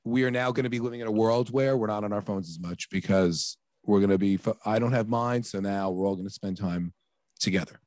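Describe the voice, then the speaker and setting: A man's voice: fairly low pitch, a little fast, dry recording, studio quality. A man in his thirties or forties, a podcast co-host, telling a family story in casual chat and acting out the dialogue with exasperation. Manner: animated, exasperated, acts out quoted dialogue.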